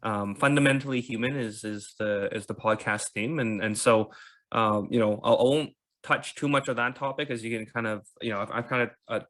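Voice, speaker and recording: A man's voice: medium pitch, fairly quick, fairly bright tone. A Canadian man in his thirties talking casually as a podcast host, with lots of fillers and repeated words. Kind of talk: casual conversational chat.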